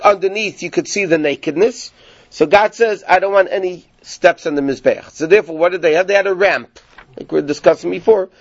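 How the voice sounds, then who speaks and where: Guy teaching a torah class, high voice, animated, dry muffled sound. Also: no room sound. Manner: animated, rhetorical questions.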